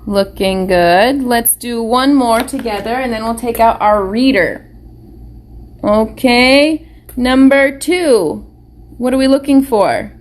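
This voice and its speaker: Patient woman teacher, slightly high voice, very slow and encouraging with young kids. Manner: patient, encouraging, speaks slowly with questions to children. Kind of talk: live online phonics lesson for young children.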